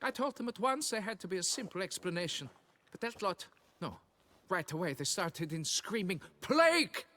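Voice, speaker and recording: Game role: shrill, excitable, penny-pinching foreman, fussy and wheedling. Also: normal speed. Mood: anxious. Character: flustered, stingy middle-aged male quarry foreman. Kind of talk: video game dialogue.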